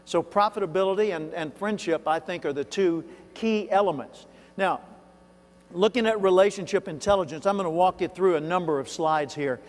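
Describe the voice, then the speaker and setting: A man's voice: sits high, normal speed. A man from Arkansas with a toned-down Southern accent, giving a keynote speech and telling folksy stories with asides to the audience. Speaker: keynote speaker. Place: large hall. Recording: reverberant hall, live event.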